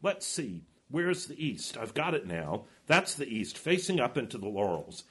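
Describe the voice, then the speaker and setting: A man's voice: mid-range voice, sing-song, moderate pace, fairly bright tone, breathy edge. A man reading aloud a curious, eager schoolboy from a storybook.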